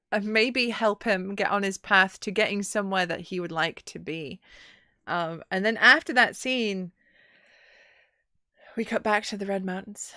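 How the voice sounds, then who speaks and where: A woman's voice: mid-range voice, clear, resonant tone, no echo, clean studio sound. A woman game master casually recapping a session, animatedly acting out the characters. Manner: animated, acts out characters in quick voices.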